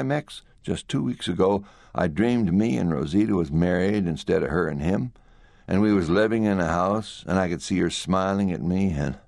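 A man's voice: low-pitched, gravelly, darkish tone, no room sound, studio quality, full character voice. A man voicing a cold, deadly young outlaw who speaks in a mild drawl, in an audiobook. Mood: brooding.

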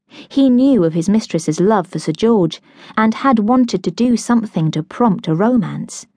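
A woman narrating a novel in an audiobook, with a measured, even storytelling manner. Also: fairly low pitch, dry recording, clean studio sound. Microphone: close studio mic.

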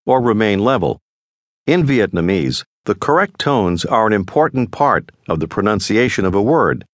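A man narrating a scripted language lesson in a measured, patient teaching manner. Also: on the low side, dry recording, studio quality. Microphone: close studio mic.

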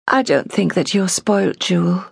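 A woman voicing an anxious, gentle young woman who speaks in a fretful, pleading way. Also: fairly low pitch, lively intonation, unhurried, creaky, husky, no room sound, clean studio sound, pitched above the performer's own voice, exaggerated voice.

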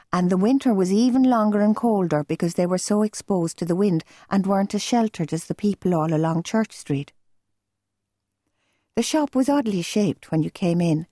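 A woman narrating an audiobook in a measured, gentle storytelling manner. Her voice is on the low side, mellow and warm with a soft husky grain. It is recorded close and dry, with no room sound. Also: dry recording. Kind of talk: scripted narration.

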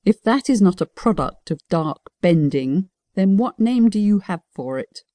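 Woman reading as a scornful old dragon elder, mellow tone, dry recording. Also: mid-range voice, expressive, a little slow, no room sound, pitched above the performer's own voice, close to an everyday voice. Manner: accusing, challenging.

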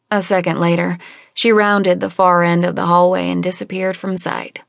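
A woman reading a first-person novel as audiobook narrator, in a measured, steady storytelling manner at a close studio microphone. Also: fairly low pitch, vocal fry, no room sound.

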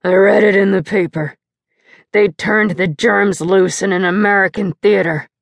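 A drunk middle-aged farmer speaks in a slurred, gravelly voice, low and flat, put on by a woman narrator. The sound is dry and close, as in an audiobook. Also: unhurried, no room sound. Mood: grim. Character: drunk grim farm father, middle-aged man.

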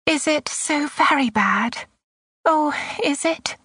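A woman doing a panicky young mother, high and breathless. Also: lively intonation, slow, fairly bright tone, no room sound, clean studio sound, heavily acted. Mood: pleading. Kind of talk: audiobook character voice.

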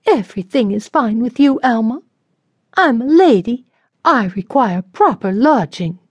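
Haughty young lady, shrill and indignant, slow and lively , voiced by a woman narrator. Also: dry recording. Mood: irritated. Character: haughty young Southern lady, rude and impatient.

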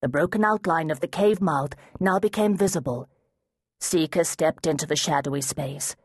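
A woman narrating an unabridged fantasy audiobook in a measured, steady way. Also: sits low, husky, dry recording, studio quality. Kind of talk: scripted narration.

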